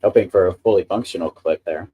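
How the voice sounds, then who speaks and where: A man's voice: low-pitched, fast, dark tone, husky. A man hosting a casual live stream, chatting with enthusiasm about the printer he is handling. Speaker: livestream host.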